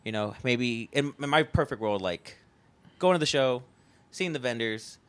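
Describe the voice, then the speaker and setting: A man's voice: medium pitch, lively intonation, moderate pace, fairly bright tone, smooth. A young man, a festival founder, talking casually on a podcast in a rambling way full of fillers and the odd swear.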